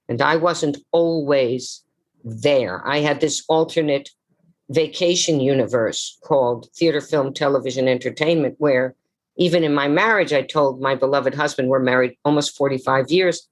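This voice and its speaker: An older woman, an actress, telling her life story theatrically on a video call, slowing and dropping low for emphasis. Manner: dramatic, slows for emphasis, drops low on key words. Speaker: actress and memoir author, guest.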